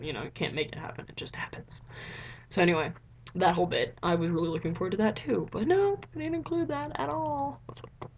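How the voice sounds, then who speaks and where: A young woman chatting casually in a rambling vlog review, filling her talk with "like" and jumping up in pitch when excited. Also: a little hiss or hum. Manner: chatty, rambling, heavy use of "like". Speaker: vlogger. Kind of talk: casual movie review chat.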